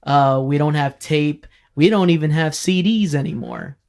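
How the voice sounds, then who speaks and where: Man, sound engineer guest, plain explainer, slightly high voice. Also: normal speed, vocal fry, a little mellow. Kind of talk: casual podcast chat.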